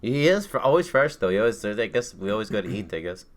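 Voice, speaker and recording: A man's voice: lowish voice, sing-song, fast, slight background noise. A man co-hosting a casual chat, rambling with lots of fillers and jokes. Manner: rambling, filler-heavy, joking. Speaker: podcast co-host.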